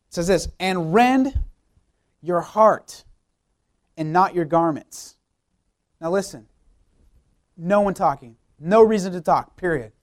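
Emphatic man preaching a sermon. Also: high-pitched. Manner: emphatic, repeats key phrases, rhetorical questions. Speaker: youth pastor.

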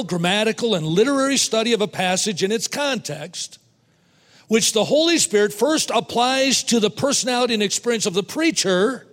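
A man preaching a sermon to fellow preachers, emphatic, repeating words and slowing down to stress points. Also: sits high, in a large hall. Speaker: preacher teaching other preachers.

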